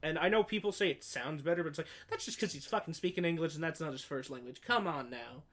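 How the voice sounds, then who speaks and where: A man's voice: fairly high pitch, fast talker, fairly bright tone. A man co-hosting a podcast, chatting casually with opinionated asides and frequent swearing. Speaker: podcast co-host. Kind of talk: casual chat.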